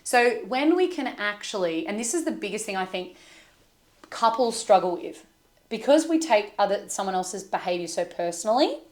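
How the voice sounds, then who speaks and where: A young adult woman from Australia, working as an emotional intelligence coach, talks earnestly and gently in a podcast conversation, telling stories with soft quoted asides. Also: mid-range voice, expressive, normal speed.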